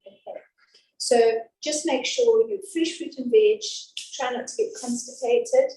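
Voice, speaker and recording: A woman's voice: high-pitched, very animated, measured pace, dark tone, slight background noise. A woman teaching an antenatal class in a chatty, reassuring, down-to-earth way, in a classroom. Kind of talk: informal class talk. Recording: echoey room from a distance.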